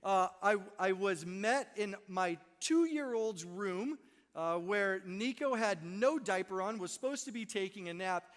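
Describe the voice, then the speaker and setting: A man's voice: high voice, animated, unhurried, a bit bright. A young man preaching a Christmas Eve sermon in a church, conversational and self-deprecating, often checking in with "right?". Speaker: pastor. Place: church sanctuary. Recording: long hall reverb.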